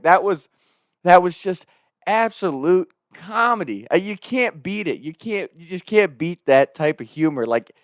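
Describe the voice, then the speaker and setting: A young man telling a funny story to the camera in a casual, animated way, laughing and swearing freely. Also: on the high side, no echo, studio quality. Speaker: storyteller host.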